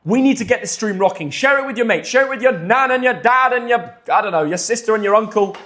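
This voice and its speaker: A young man with a high voice hosts a live football stream. Excitable, he swings between loud hype and quick, chatty asides.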